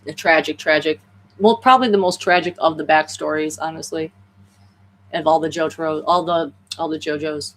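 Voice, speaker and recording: Brief: a chatty woman vlogger retelling a story, rambling, lowish voice. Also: moderate pace. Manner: animated, rambling, many restarts. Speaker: spiritual vlogger.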